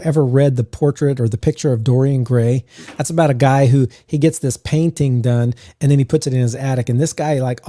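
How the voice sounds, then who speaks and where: A man co-hosting a podcast about game mastering, talking in a relaxed, musing way with lots of "uh" fillers, close to the mic. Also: mid-range voice, no echo. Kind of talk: casual podcast chat.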